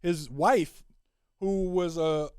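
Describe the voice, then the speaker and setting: Solo podcast host, man in his thirties, high lively voice, slangy and profane, dry close sound. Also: extremely slow, clean tone, dry recording. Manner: animated, swings from loud exclaiming to low mutters; profane, slangy, repeats catchphrases. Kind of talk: solo casual rant.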